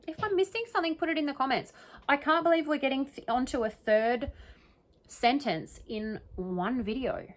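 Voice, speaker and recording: Her voice sits high and moves at a moderate pace. Working alone as a true crime commentator, she casually examines how an interview was worded, reasoning out loud and repeatedly asking "right?" or "okay?".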